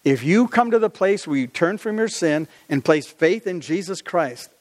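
A pastor in middle age delivering a sermon to his congregation. His voice sits a little high for a man and swings widely, pushing up to emphatic peaks and then dropping to near-murmurs. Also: moderate pace. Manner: animated, rising to emphatic peaks and dropping low.

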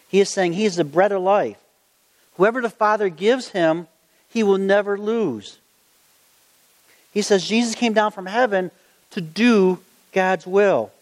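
A middle-aged man preaching a sermon, earnest and conversational as he tells stories from his own life. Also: high-pitched. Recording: long hall reverb.

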